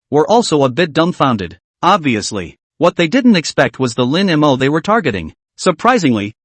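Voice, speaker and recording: A man's voice: on the high side, dry recording. A man narrating a story recap, reading all the dialogue in the same narrating voice.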